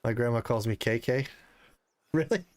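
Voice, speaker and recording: With a medium-pitched voice and a measured pace, a man in his thirties chats casually with his stream audience over a hunting game, swearing at frustrating moments. There's no echo on the audio.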